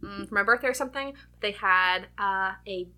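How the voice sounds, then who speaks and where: A woman's voice: medium pitch, moderate pace, pushed and bright. A woman co-hosting a podcast in casual chat, laughing often and swearing freely. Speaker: podcast co-host.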